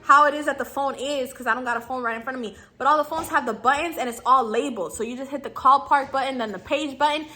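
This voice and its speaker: A young woman in her twenties talks straight to her viewers in a casual advice vlog. Her voice sits high and sounds bright and sharp. She chats in loose slang and keeps slipping into quick impressions of customers and clerks. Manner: slangy and chatty, acts out customer and clerk lines. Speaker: YouTuber giving customer service tips.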